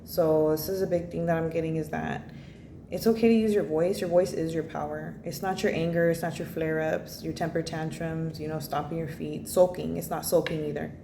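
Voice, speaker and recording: A woman's voice: low voice, fairly even intonation, brisk, creaky, dark tone. A woman giving a casual spoken tarot reading, blunt and rambling, swearing freely and filling her talk with "you know" and "like.". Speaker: tarot reader. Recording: echoey room with faint noise.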